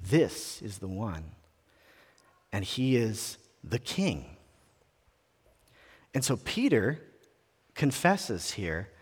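A man preaching a sermon in a conversational, animated way, often restarting phrases. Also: fairly low pitch, drawn-out words, long pauses, slightly rough. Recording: long reverb of a large room.

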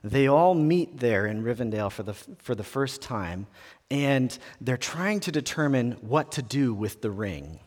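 A man preaching a sermon in a conversational, animated way, often restarting phrases. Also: mid-range voice, measured pace. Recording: long reverb of a large room.

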